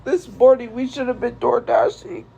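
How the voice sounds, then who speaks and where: A young woman streamer speaking to viewers in a tearful, halting way, grief-stricken and repeating herself. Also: on the high side, steady tone, vocal fry, dark tone, husky, low-quality recording. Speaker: live streamer. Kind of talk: emotional monologue to viewers.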